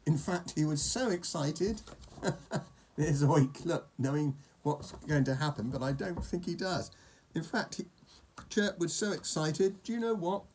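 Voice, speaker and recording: A man's voice: fairly high pitch, a little mellow, a little hiss or hum. A man reading a picture book aloud to a child, with playful, chatty asides.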